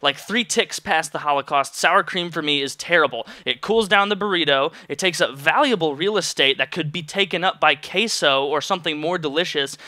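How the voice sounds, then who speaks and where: A young man telling a casual, profane storytime rant to his viewers, exasperated and animated as he recounts a bad meal. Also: a little high, brisk, few pauses, no echo, studio quality. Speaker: vlogger.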